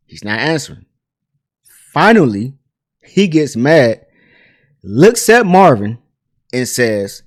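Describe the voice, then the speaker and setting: A man hosting a pop culture commentary channel, telling a story in a chatty, animated way full of asides and fillers. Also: mid-range voice, slow pace, pauses often, no room sound, studio quality. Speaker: host.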